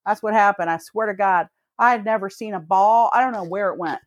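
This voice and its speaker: A woman's voice: mid-range voice, a little fast, dry recording. A woman co-hosting a podcast, chatting casually and telling stories full of swearing and laughter. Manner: swearing storyteller, laughs often. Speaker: podcast co-host. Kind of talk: casual chat.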